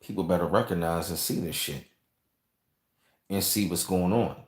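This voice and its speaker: Livestream host, male, lowish voice, loose rambling chat, roomy echo. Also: normal speed. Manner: rambling, conversational, repeats phrases, reads and thanks viewers. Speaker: channel host reading live chat.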